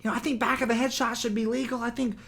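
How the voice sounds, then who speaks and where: A man's voice: very high-pitched, level tone, racing, vocal fry, a bit bright, pitched above the performer's own voice, exaggerated voice. A young man doing a mocking impression of a rambling middle-aged male fight commentator who drawls and keeps repeating himself.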